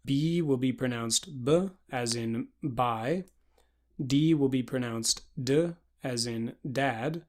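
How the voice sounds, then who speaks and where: A man giving a pronunciation lesson, deliberately spelling out sounds one by one with example words. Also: medium pitch. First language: English. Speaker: pronunciation instructor.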